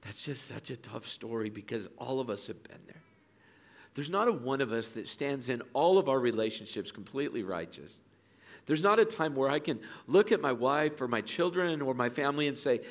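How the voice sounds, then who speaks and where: A middle-aged male pastor preaching a sermon in an auditorium, telling a story with lively acted-out voices. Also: mid-range voice, moderate pace. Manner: animated storytelling, acts out quoted voices.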